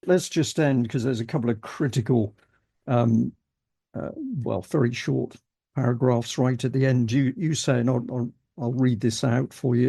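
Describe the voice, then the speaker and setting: A man's voice: medium pitch, moderate pace, gravelly, dark tone, breathy edge. A man from Britain hosting a political interview, talking in a hesitant way with frequent restarts. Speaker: host, interviewer.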